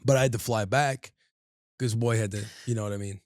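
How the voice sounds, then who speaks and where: A man in his thirties, a podcast co-host, telling a long story in casual chat, animated and slangy. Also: lowish voice, a little fast, no echo, clean studio sound.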